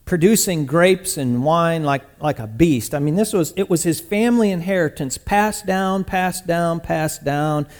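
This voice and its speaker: Animated man telling a sermon story. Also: on the high side, unhurried, few pauses. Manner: lively, conversational retelling with sudden loud bursts. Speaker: pastor.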